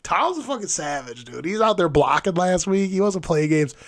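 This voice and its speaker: A man hosting a podcast, chatting casually about football with heavy swearing and animated stories. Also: high voice, moderate pace, no echo, clean studio sound. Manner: profane, animated storytelling. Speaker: podcast host. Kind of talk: casual sports chat.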